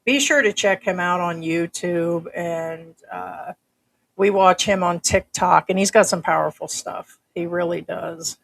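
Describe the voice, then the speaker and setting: Woman, older, from the US, livestream host, casual chatter, low-pitched. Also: unhurried, vocal fry. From United States. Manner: chatty, reads out viewer comments. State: uses a breathing machine.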